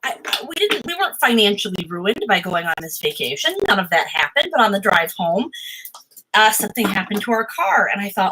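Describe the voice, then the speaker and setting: A woman's voice: medium pitch, big pitch swings, fairly quick, pushed and bright, a little hiss or hum, poor audio. A middle-aged woman chatting casually at her home desk about tarot, rambling and restarting, acting out her own panic in bursts. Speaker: tarot vlogger. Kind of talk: casual chat to camera.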